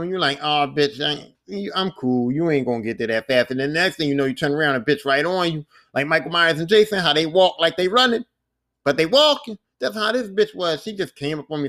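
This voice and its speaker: A man hosting a podcast, recapping a video game in a casual, animated way, full of swearing and sound effects like bang and pop. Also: on the high side. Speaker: podcast host.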